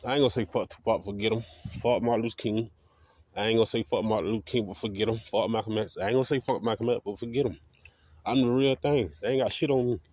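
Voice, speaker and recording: A man's voice: lowish voice, fast, darkish tone, no room sound. A man delivering a profane, defiant, repetitive rant to camera as a video blogger. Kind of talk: ranting monologue to camera.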